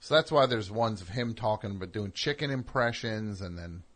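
A man's voice: lowish voice, animated, normal speed, a bit bright. A man hosting a call-in show in casual chat, riffing sarcastically with stammering restarts.

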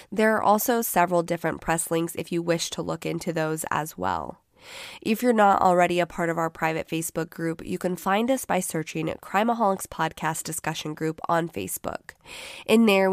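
Woman, true crime podcast host, groggy voice, measured sober narration, lowish pitch, dry close sound. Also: no echo. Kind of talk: scripted narration.

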